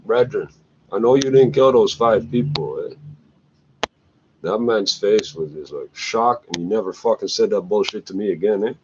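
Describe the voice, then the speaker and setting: A man's voice: on the low side, moderate pace, highs cut off, background noise. A man ranting bluntly to camera, swearing often and tagging lines with "eh". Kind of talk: rambling profane rant to camera.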